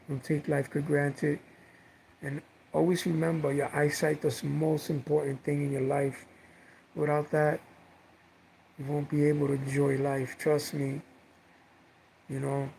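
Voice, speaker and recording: Middle-aged guy vlogging at home, gravelly voice sitting kinda high, rambly and heartfelt, says the same thing twice. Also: darkish tone, a little hiss or hum, poor audio. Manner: rambling, heartfelt, repeats words with many fillers. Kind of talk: casual personal storytelling.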